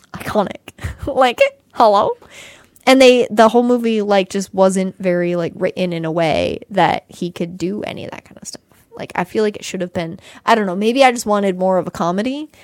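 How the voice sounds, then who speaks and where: A young woman co-hosting a podcast, ranting in casual chat with animated sarcasm and frequent swearing. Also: medium pitch, moderate pace, no echo. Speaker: podcast co-host.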